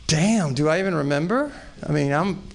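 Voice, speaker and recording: A man in his forties, from Texas, works through an improvised open mic set with a gravelly edge to his voice. His pitch sits a little high for a man. He talks in a loose, profane, self-deprecating ramble full of restarts. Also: lively intonation, normal speed. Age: 40s.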